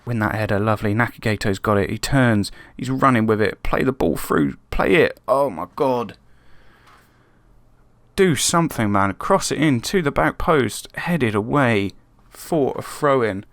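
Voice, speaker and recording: A man hosting his own gaming channel, commentating a football management game casually, excitable and prone to yelling at his players. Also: mid-range voice, no room sound. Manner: excitable, shouting at players, swings between frustration and resignation. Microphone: webcam microphone.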